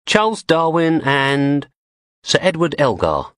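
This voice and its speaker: A man's voice: a little high, very animated, slow pace, a bit bright, dry recording, clean studio sound, pitched above the performer's own voice, exaggerated voice. A man voicing a cold, menacing woman enforcer with a posh English accent, speaking in a clipped, cool way. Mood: cold menace.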